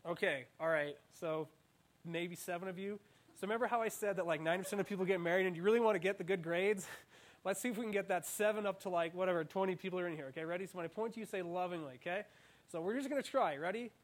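Young male preacher, high-pitched, animated and playful, leading the crowd in call-and-response. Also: quick pace. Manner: animated, playful, self-mocking asides. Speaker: student preacher. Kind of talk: interactive sermon.

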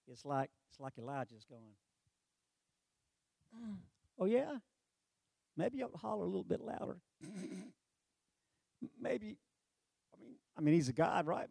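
A male preacher telling a story in a sermon, animated and playful, with sarcastic asides. His voice sits a bit high for a man, in a dry, close recording with no echo. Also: gravelly. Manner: animated storytelling with sarcastic humor and acted-out quotes.

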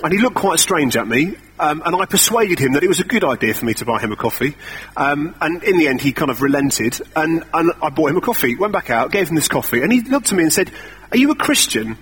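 A man's voice: on the high side, expressive, quick pace, a bit bright, slightly rough. A young man preaching a sermon in a conversational, self-deprecating storytelling way.

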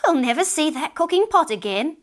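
A fretful, scolding old farmer's wife in a storybook , voiced by a woman narrator. She speaks in a raised, sharp voice and nags her husband. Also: a little high, very animated, normal speed. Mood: exasperated.

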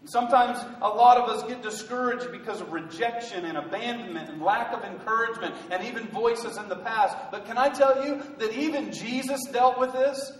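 High-voiced preacher in an echoey hall. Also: male voice, moderate pace, few pauses, far from the mic. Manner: rousing, rhetorical questions to the crowd. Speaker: pastor. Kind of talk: sermon. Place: large church hall.

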